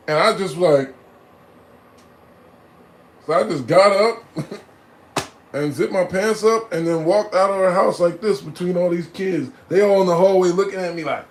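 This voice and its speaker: A man telling a personal story in a casual, animated way, often laughing and adding "right?" to his lines. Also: high-pitched, measured pace, pauses often. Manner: acts out voices and loud cries.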